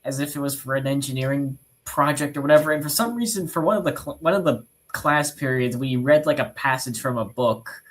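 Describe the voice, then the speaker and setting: Young guy, livestream chatter, rambly and self-deprecating, medium pitch, quick to laugh. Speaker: robotics team streamer. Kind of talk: casual livestream chat.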